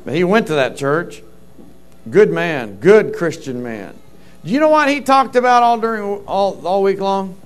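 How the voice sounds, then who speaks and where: High-voiced fervent preaching man. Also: a bit bright. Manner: fervent, storytelling preacher with interjections of praise. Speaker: pastor. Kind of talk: sermon.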